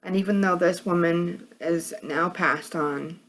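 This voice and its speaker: A woman's voice: on the low side, unhurried, a bit bright, a little hiss or hum. A woman with a New York accent chatting casually as a vlogger, with a hard, edgy voice and a rambling way of talking. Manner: rambling, many fillers and restarts. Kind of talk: casual chat.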